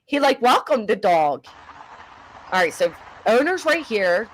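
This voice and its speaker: A middle-aged woman hosting a casual reaction chat, chatty and animated, swearing casually. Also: a little high, normal speed. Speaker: commentary host.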